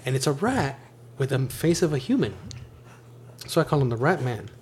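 A man hosting a podcast, retelling a show in a loose, animated way with lots of laughter. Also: medium pitch, normal speed, slight background noise. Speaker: podcast host. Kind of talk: casual chat.

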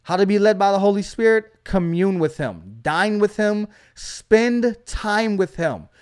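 A man's voice: high voice, expressive, a little slow, a little mellow, clean tone. A man hosting a faith podcast, preaching with emphatic energy and frequent call-outs to his listeners.

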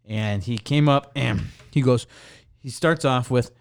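A man's voice: mid-range voice, a little slow, creaky, clean tone. A young adult man co-hosting a podcast, telling a store story in casual chat and mimicking customers with a raised voice. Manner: animated, mimics customers in raised voice, swears freely. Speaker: podcast co-host.

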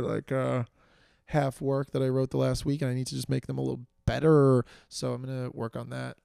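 Medium in pitch, warm, and marked by vocal fry, a New York man's voice carries his solo podcast. He wanders through his thoughts with lots of fillers and self-deprecating remarks, growing tired as his energy fades. Studio quality, no echo.

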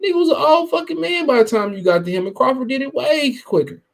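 High-voiced man ranting about boxing. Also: animated, fast talker, gravelly. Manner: profane, heated, emphatic and repetitive. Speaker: boxing podcast host. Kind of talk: casual commentary with live chat.

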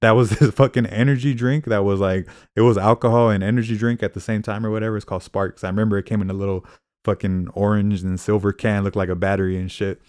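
A man's voice: lowish voice, fairly even intonation, fast, darkish tone, dry recording, studio quality. A man talking casually and rambling, with many fillers and repeated "I remember". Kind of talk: casual podcast chat.

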